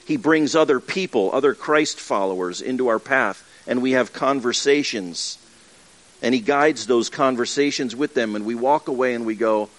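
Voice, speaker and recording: A man preaching in an earnest, conversational way, with a voice at a middle pitch for a man. He restarts his phrases often and slips into little acted asides. The sermon moves freely, more like talking to friends than reading a script. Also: normal speed. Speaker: pastor. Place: church with livestream.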